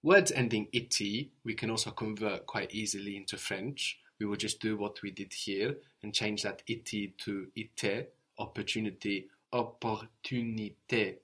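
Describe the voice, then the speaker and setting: A man's voice: lowish voice, steady tone, moderate pace, few pauses, a bit bright. A man teaching a language lesson, patiently explaining word roots and prompting his student with questions.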